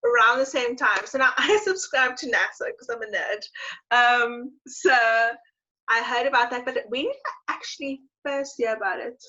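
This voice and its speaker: A young woman talks casually as a podcast co-host, gushing and animated. Her voice sits a little high and rings bright. The recording sounds dull and lo-fi. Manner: gushing, animated, quick to laugh. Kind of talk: casual chat.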